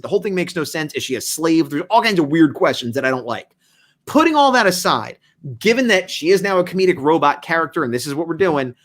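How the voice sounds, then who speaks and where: A man's voice: on the high side, a bit bright. A man hosting a casual review discussion, rambling and reasoning aloud. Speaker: host.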